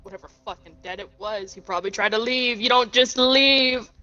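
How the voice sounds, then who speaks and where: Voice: mid-range voice, brisk, bright, forceful tone, lo-fi sound. A player in a tabletop game, thinking aloud and restarting sentences. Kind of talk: casual tabletop role-play.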